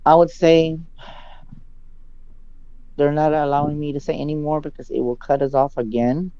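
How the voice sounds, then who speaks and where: A male psychic giving a dramatic live reading over a video call. He often drops into low, hushed asides. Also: level tone, normal speed, clear, resonant tone, highs cut off.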